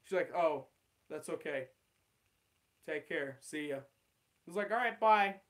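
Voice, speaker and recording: A young man rambles through an awkward personal story in a casual, unscripted way. His voice sits a little higher than most men's. He swears freely and fills his talk with "like" and "um". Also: fairly even intonation, unhurried. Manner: rambling, swearing, with laughs and many fillers. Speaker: channel host.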